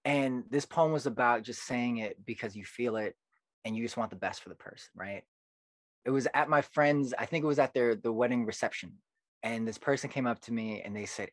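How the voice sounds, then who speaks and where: A man, a poet guest on a podcast, telling stories in an earnest, animated way. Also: medium pitch, dry recording. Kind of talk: casual podcast conversation.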